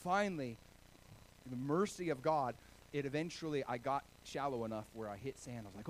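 A man from Oregon preaching a sermon, telling stories with animated, self-deprecating humor. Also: mid-range voice, a little fast, slight background noise, low-quality recording. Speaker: pastor.

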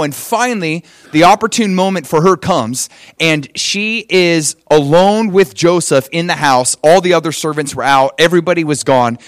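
A male pastor with a fairly high voice, preaching in a lively, storytelling way and slipping into quoted voices. The sound is close and dry, with little room. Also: moderate pace, no echo. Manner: animated storytelling with acted quotes. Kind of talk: sermon.

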